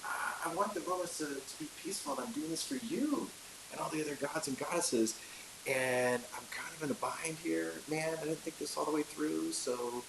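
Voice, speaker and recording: A man voicing an anxious ancient Roman king who pleads in casual modern slang, in breathy half-whispers, recorded in an echoey room with hiss. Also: fairly high pitch, voice pushed up.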